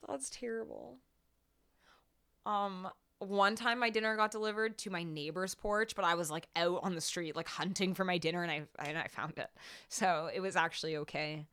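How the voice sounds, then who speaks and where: A young woman chats with her livestream viewers from a home room lined with foam panels. Her voice is bright and crisp, and sits a little low for a woman. She talks in a loose, chatty way, repeats herself and slips in quick laughs. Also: steady tone. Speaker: livestream singer and host. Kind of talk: casual chat with live chat.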